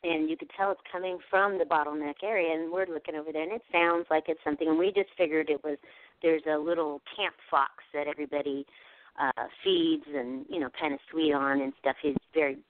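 A woman guest on a radio show, telling a story in a casual, animated way and acting out what people said. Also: deep voice, brisk, no room sound. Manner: animated, acts out quoted dialogue. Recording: tinny phone line, dry.

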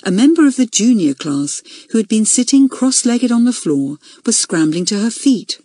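A woman reading a children's book aloud, with expressive storytelling. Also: on the high side, normal speed, slightly rough, dry recording. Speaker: audiobook narrator. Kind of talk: scripted narration.

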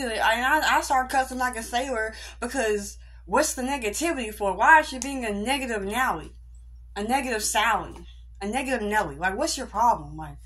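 Husky-voiced young woman ranting. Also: a little high. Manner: animated, indignant, slangy storytelling. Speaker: vlogger. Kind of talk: casual storytime rant.

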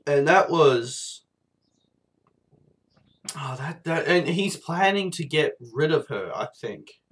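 A man's voice: fairly high pitch, animated, slow. A man with a sore throat and a blocked nose, reviewing TV episodes in a casual, rambling way, full of fillers and swearing.

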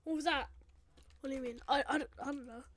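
A woman doing casual voice acting for a game machinima. She is excitable, jumps between shouting and mumbling, and talks haltingly with many restarts. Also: high-pitched, no room sound.

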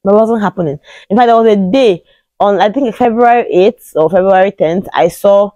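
A Nigerian vlogger in her thirties, speaking with a Nigerian accent, has a medium-pitched, dark-toned, fairly quick voice recorded lo-fi with no room sound. She casually tells a personal story to the camera, acting out the voices of the people in it.

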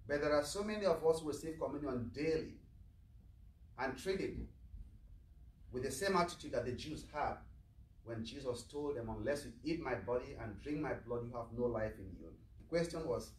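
A man's voice: medium pitch, expressive, moderate pace, slight background noise. A male priest giving a sermon in a plain, earnest way, putting questions to his listeners. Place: chapel of a medical center. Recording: echoey chapel, mic far off.

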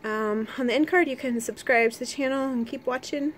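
Woman vlogger, worn-out and chatty, rambling daily update, voice sits a touch high. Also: fairly quick, a little hiss or hum. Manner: rambling, chatty, plain-spoken. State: tired and fatigued. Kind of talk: casual daily vlog chat.

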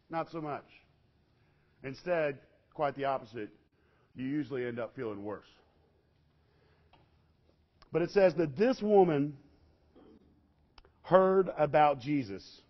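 A man preaching a sermon, telling the story in an animated way with sudden loud bursts and hushed low passages. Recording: dull lo-fi recording.

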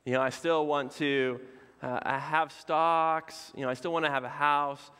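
A man's voice: on the high side, steady tone, measured pace, fairly bright tone, clean tone. Casual preaching man in a reverberant hall. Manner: conversational, casual asides with fillers. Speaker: pastor. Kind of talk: sermon. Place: church sanctuary.

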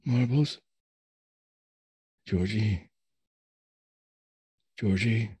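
A man voicing a frightened, paranoid father in a sickbed, in a breathy whispered role-play. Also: fairly low pitch, extremely slow, a little mellow, full character voice. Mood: fearful.

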